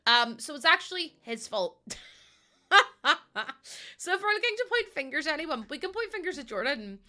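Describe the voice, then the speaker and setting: A young woman chatting casually with her stream's viewers, animated and swearing freely, laughing often. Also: high voice, quick pace. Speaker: live streamer. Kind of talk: casual chat with live chat viewers.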